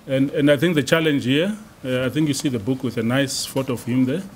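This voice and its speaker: A man's voice: medium pitch, fairly quick, slight background noise. A man serving as acting dean, giving an unscripted response to a lecture and hesitating often with ums and uhs.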